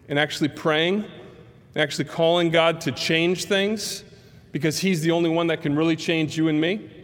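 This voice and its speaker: A male pastor preaches a sermon, telling a story and acting out the voices of the people in it. His voice sits slightly high for a man. A long reverb from the large hall hangs behind every phrase. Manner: animated storyteller acting out quotes.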